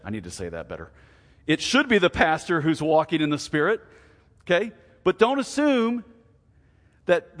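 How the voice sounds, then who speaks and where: A middle-aged male pastor preaching a conversational, self-deprecating sermon with animated emphasis. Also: medium pitch, in a large hall. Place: church sanctuary.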